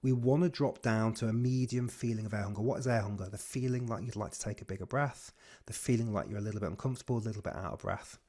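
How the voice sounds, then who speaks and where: A man's voice: fairly low pitch, a little mellow. Soothing breathwork coach, a man. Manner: slow, soothing guided cues. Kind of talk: guided breathing class on a video call.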